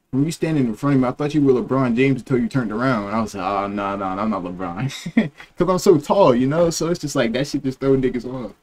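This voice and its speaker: A man's voice: medium pitch, a little mellow. A young man in his twenties streaming, reacting in loose, joking chat full of slang.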